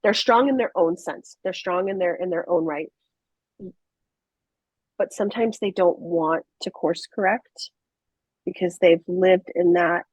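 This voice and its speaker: A woman's voice: on the low side, dry recording, highs cut off. A middle-aged woman telling her story as a podcast guest, earnest and emphatic, with many restarts. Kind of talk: candid conversational storytelling.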